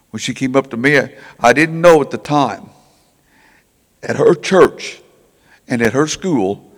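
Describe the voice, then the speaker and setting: An older man preaching in a folksy storytelling way, stammering and repeating words as he acts out the people in his stories. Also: medium pitch. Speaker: preacher telling revival stories. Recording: church hall reverb.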